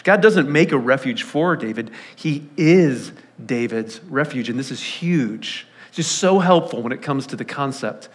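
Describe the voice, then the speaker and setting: A man preaching a sermon as pastor, telling stories with animated delivery and acting out quoted voices. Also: on the high side. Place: church sanctuary.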